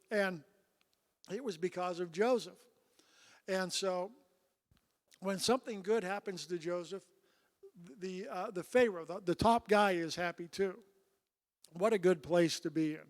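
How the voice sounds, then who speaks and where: Male pastor, high voice, chatty Bible teacher, reverberant church sanctuary. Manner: conversational, frequent throat clearing, asides like "man" and "right?". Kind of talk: casual Bible study teaching, reading scripture aloud with comments.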